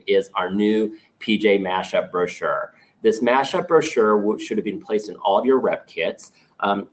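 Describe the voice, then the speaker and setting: Low-voiced man pitching products to a team. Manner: upbeat, talks through product specs with small restarts. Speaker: sales manager presenting new products to his team. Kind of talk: business meeting presentation.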